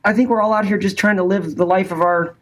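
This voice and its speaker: Californian male guest, a bit high-pitched, rambly and profane. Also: steady tone, fast, a bit bright. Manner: rambling, profane, laughing often. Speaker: podcast guest. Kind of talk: casual podcast chat.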